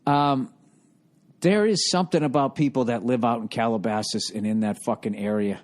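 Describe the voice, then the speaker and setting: Hosting a podcast, a middle-aged man with a medium-pitched, brisk voice delivers a rambling comic story full of swearing. His casual monologue drips with sarcastic exasperation.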